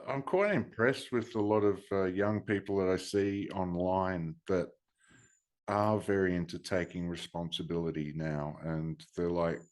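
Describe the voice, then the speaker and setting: Guy hosting a podcast, real deep voice, easygoing and chatty. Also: a little slow. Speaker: podcast host. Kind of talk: casual podcast chat.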